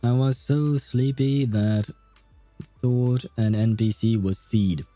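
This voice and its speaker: A man's voice: medium pitch, steady tone, slow, dark tone, no echo, faint music behind. A man streaming a game, reading its dialogue aloud and chatting with a laugh and many restarts, with a lozenge in his mouth.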